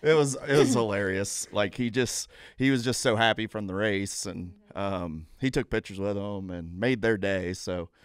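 A man telling stories as a podcast guest in a casual, animated way. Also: normal speed, few pauses, clear, resonant tone, no room sound. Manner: animated, jumps into high-pitched impressions. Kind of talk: casual storytelling. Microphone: studio mic.

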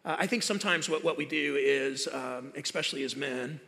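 A man's voice: mid-range voice, a little fast, creaky, bright, forceful tone. A pastor from the American South with a Southern accent, talking earnestly and directly to his congregation during a sermon interview on a church stage. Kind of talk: conversational sermon. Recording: church hall reverb.

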